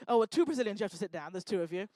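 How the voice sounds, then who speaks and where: A woman's voice: mid-range voice, animated, rapid-fire, warm tone, no echo. A woman hosting a live event on stage, teasing and joking with the audience in casual crowd work. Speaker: event host. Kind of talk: stand-up style crowd work. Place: lecture hall stage.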